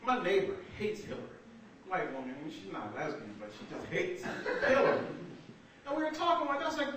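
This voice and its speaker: A man with a high-pitched voice and huge pitch swings talks fast, doing a stand-up comedy set on a small theater stage before an audience. He speaks conversationally and laughs through his punchlines. The amateur recording is roomy, echoey, far-off and has loud noise.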